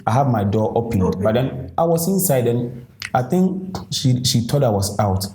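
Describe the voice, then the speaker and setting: A Ghanaian man from a music duo recalls his past in an interview, halting and repeating words as he talks. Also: mid-range voice, expressive, dark tone, roomy sound. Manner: halting, repeats words, mixes English and Pidgin. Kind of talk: storytelling interview.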